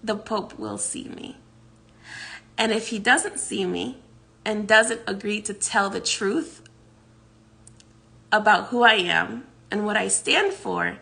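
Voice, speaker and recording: A woman voicing a calm, confident male spiritual teacher who speaks softly and firmly. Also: very high voice, exaggerated voice. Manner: calm, quietly defiant.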